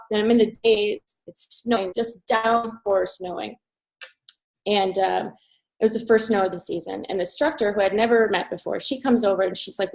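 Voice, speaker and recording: Animated woman telling her story. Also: fairly high pitch, low-quality recording. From Colorado, USA. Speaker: guest. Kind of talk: personal storytelling.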